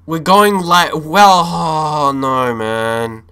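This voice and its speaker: A young man streaming a football management game, commenting live with animated, frustrated swings and frequent swearing. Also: mid-range voice, a little slow, long pauses.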